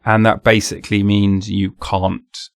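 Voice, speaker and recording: A man's voice: on the low side, little pitch movement, a little slow, clear, resonant tone, no echo, studio quality. Rambling self-mocking male podcast host. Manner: rambling, self-mocking, jumps into silly voices. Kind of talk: casual solo monologue.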